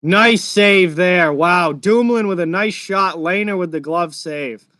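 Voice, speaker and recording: A young man with a mild Massachusetts accent talks casually through a live hockey reaction stream, breaking off to answer questions from the chat. His voice sits high and bright. The sound is dry and close. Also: a little slow, dry recording.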